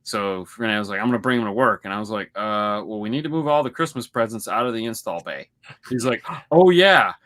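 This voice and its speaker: A man's voice: fairly low pitch, quick pace, fairly bright tone. A man co-hosting a podcast in casual, rambling chat, often acting out little quotes in voices. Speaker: podcast co-host.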